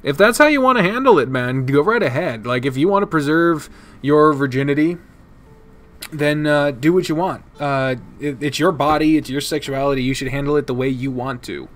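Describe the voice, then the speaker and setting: A man's voice: a little high, moderate pace. Casual swearing male streamer reading aloud. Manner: casual, swears, chats with viewers between read lines. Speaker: streamer playing a visual novel. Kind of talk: live stream chat and reading game text aloud.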